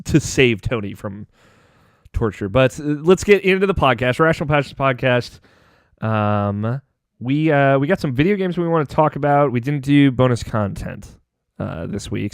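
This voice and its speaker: A man hosting a casual gaming podcast, talking in a loose, rambling way full of fillers and restarts. His voice sits in a middle pitch and is recorded close and dry. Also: no echo. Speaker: podcast host.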